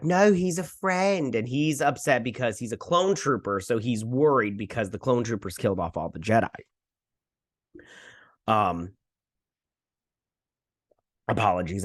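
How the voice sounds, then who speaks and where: A man's voice: lowish voice, husky. A man hosting a video, casually recapping and reviewing an episode in a loose, rambling way full of fillers. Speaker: video host.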